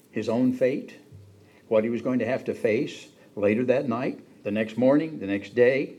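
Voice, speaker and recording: A man's voice: lowish voice, mellow, husky. A man preaching a sermon in a conversational way, acting out the quoted lines with a raised voice. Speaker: pastor.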